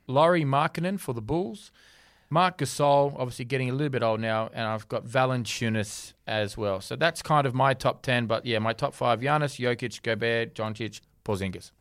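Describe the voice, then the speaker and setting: Teasing man, mid-pitched. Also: fairly bright tone, no echo, studio quality. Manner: teasing, quick banter. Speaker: podcast co-host. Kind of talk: casual sports chat.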